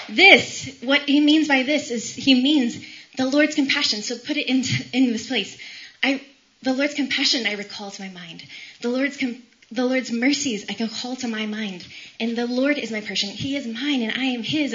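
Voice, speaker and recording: Woman sharing a faith talk, kinda tearful and chatty, lots of likes and ums, bright voice, muffled audio. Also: on the high side, moderate pace. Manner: emotional, laughing and tearful, many fillers. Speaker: doctor giving a faith talk to medical trainees. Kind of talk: faith talk with scripture reading and personal story.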